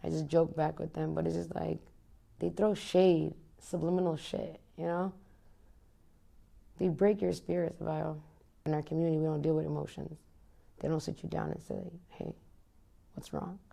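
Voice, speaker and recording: This low, gravelly, dark-toned voice belongs to a woman in her thirties from the United States, with little pitch movement, a moderate pace and frequent pauses. She's a guest in a candid, conversational interview, blunt and impassioned, cursing without restraint.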